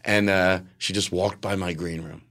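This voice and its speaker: A man's voice: low voice, fairly even intonation, moderate pace, a bit bright. A middle-aged man, a comedian, telling a rambling personal story with lots of quoted dialogue. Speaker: guest comedian. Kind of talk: casual storytelling.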